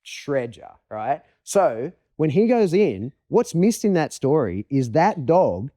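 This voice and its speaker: A man's voice: fairly high pitch, slow. An Australian man, a dog trainer, chatting casually on a podcast and telling stories with acted-out voices. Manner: animated storyteller, acts out voices.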